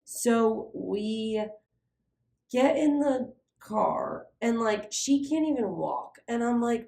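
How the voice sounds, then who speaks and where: In an echoey room, a young adult woman co-hosting a podcast tells a story in a slightly high, slow, gravelly voice. She's animated and casual, saying "like" constantly and swearing.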